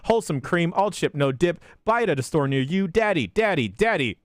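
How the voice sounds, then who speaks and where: A man hosting a podcast, reading a rapid list of listener shout-outs in a deadpan way with crude jokes. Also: clean tone, no room sound. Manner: deadpan delivery with sudden pitch jumps and crude jokes.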